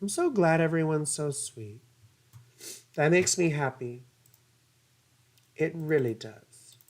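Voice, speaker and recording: A woman's voice: low voice, expressive, takes it slowly. Chatty woman astrologer, rambling. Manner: rambling, chatty, laughing asides, swears casually. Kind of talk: casual livestream chart reading.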